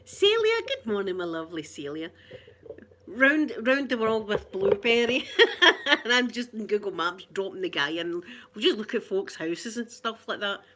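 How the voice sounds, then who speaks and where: A woman's voice: medium pitch, expressive, normal speed, a little hiss or hum. An older Scottish woman, a grandmother, chatting casually on a livestream and greeting viewers by name. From Scotland. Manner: chatty, warm greetings to viewers, frequent laughter. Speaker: livestream host. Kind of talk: casual live chat with viewers.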